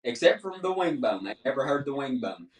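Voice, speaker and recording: Chatting casually as a podcast guest, a man tells a story with animation, acting out the dialogue. His voice is medium-pitched and fairly quick, and the recording sounds roomy with the mic set at a distance.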